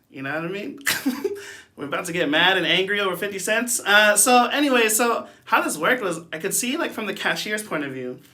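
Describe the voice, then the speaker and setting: A young man telling a story for a youth talk in a loose, chatty way. He sprinkles in fillers and asides and laughs easily. His voice sits a bit high and sounds bright and forward. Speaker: youth speaker. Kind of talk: casual youth sermon storytelling.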